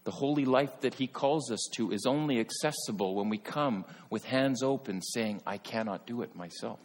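Husky-voiced man preaching in a reverberant hall. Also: mid-range voice, normal speed. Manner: earnest, rises to emphatic peaks then drops soft. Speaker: pastor. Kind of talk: sermon.

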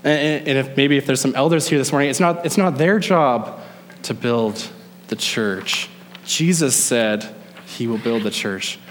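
Young pastor, man, conversational sermon, drawn-out emphasis, echoing hall sound. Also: mid-range voice, a little hiss or hum. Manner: conversational preaching, stretches key words slowly. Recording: long hall reverb.

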